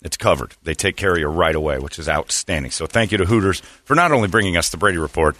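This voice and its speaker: A man's voice: sits low, lively intonation, fast, sharp tone, no echo. A man hosting a morning radio show, chatting casually and rambling through jokes and ads. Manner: rambling, joking, self-correcting.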